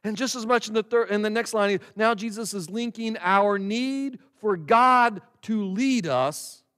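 A male pastor gives a relaxed, chatty sermon and slows down to stress words in prayer. His voice sits a little high and sounds smooth and resonant. A long reverb trails behind it in the church hall. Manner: conversational, with slow emphatic prayer recitation. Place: church sanctuary.

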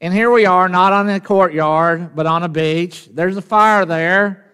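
A man's voice: sits high, unhurried, sharp tone, clean tone. A man preaching a sermon with a Southern US drawl, folksy and conversational, asking the congregation questions. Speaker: pastor. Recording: long reverb of a large hall.

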